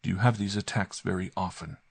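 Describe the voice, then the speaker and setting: A man voicing a pompous, smooth-talking older male doctor who speaks in an unctuous, oracular way in a storybook reading. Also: low voice, steady tone, fairly quick. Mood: smooth menace.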